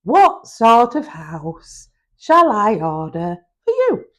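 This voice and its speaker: A woman doing an old mother pig, frail and worried, slow earnest pleading, storybook voice a little higher than the narrator's, lively rise and fall. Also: full character voice. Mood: tender, anxious. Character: old feeble mother sow, tender and worried.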